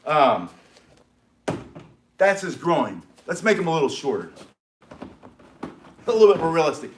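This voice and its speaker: Excitable, slightly hoarse man. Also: on the high side, a little hiss or hum. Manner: excitable, rambling, talks to a live audience. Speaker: self-defense instructor. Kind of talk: live instructional demonstration.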